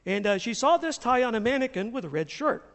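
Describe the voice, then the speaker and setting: High, lively pastor in an echoey church. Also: male voice, brisk. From US South. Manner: animated, chuckling storyteller. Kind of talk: sermon with storytelling. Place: church sanctuary.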